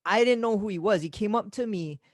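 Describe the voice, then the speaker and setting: A man, hosting a podcast and telling stories in casual chat, animated and swearing freely. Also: sits high, brisk, no echo. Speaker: podcast host.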